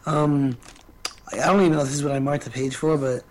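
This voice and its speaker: A man's voice: on the high side, steady tone, fast talker. A man co-hosting a podcast, chatting casually in a hesitant, offhand way. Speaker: podcast co-host. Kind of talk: casual chat.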